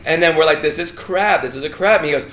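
A man's voice: fairly high pitch, fast talker. A man leading an interactive Bible class, asking the group questions and joking as he teaches. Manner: lively, asks the group questions, jokes and laughs. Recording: echoey room, faint ambience.

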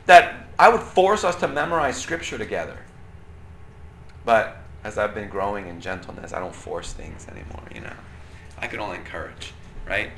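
A man's voice: medium pitch, sharp tone. A man leading a casual Bible lesson, chatty and often checking in with the class. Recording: roomy echo, faint room noise.

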